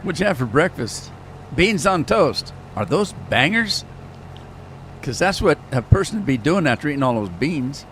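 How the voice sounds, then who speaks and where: A man's voice: fairly high pitch, sing-song, normal speed, fairly bright tone, slight background noise. A man casually chatting through a gaming live stream, rambling, telling stories and laughing at his own jokes.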